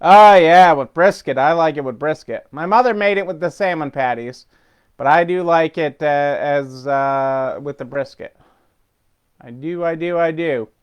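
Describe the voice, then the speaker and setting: Hosting his weekly business update, a middle-aged man speaks casually at a measured pace in a clean, somewhat high voice. He rambles through unscripted remarks, using fillers, restarting sentences and chuckling.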